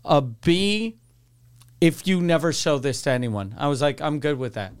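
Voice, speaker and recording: Smooth-voiced joking man on a podcast. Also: fairly high pitch, moderate pace. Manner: joking, animated storyteller. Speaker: podcast co-host. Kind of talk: casual storytelling chat.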